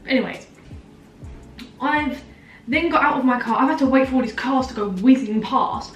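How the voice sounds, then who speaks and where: A woman's voice: sits high, moderate pace, lo-fi sound. A young woman tells a story as a vlogger, dramatic and full of "like" fillers. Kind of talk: storytime chat. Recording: echoey room, mic at a distance, faint music.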